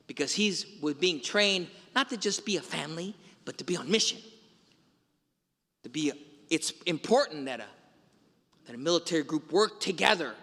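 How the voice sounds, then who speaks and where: A male priest delivers a Sunday homily, retelling film scenes and quoting their lines. His high, bright voice rings through a large church with long reverb.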